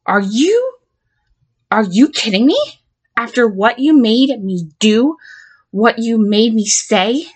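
A woman's voice: on the high side, animated, slow, pauses often, breathy edge, exaggerated voice. A woman playing a volatile patient who blackmails her therapist, stammering and swearing as she swings between threats and pleading in an audio drama monologue. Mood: furious, threatening.

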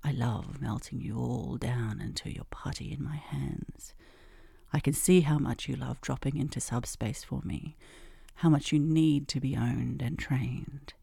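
A woman in a whispered role-play, speaking in a breathy whisper with a slow, commanding, teasing manner. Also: rumbling low, mellow, no room sound, clean studio sound. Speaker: hypnosis role-play performer.

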